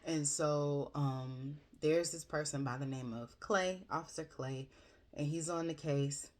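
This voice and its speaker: Very deep-voiced woman, chatty book reviewer. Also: measured pace. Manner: rambling, chatty, with frequent fillers and self-corrections; animated, gushing and expressive. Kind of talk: casual book review chat.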